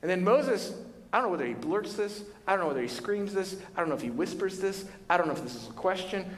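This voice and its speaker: A man delivers a sermon as a pastor, and his voice sits a little higher than most. He retells the story with animated, casual paraphrase, slipping into the voices of its characters. The sound carries the long reverb of a large church hall. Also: fast.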